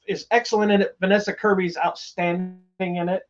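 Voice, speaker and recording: A man's voice: sits high, flat delivery, a little fast. A man co-hosting a podcast, chatting casually and enthusiastically, rambling with restarts. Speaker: podcast co-host reviewing movies. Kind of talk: casual chat. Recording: slightly dull lo-fi sound.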